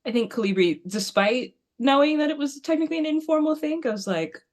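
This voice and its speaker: A woman's voice: high-pitched, expressive, fairly quick, darkish tone. Playful woman at a tabletop game. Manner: playful, joking. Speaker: player. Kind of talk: casual tabletop game play.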